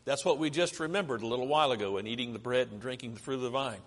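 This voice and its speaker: A man's voice: mid-range voice, very fast, few pauses, fairly bright tone. A man preaching a sermon in a church, often asking the congregation questions and then answering them himself. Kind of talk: sermon with slides. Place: church sanctuary. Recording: long hall reverb.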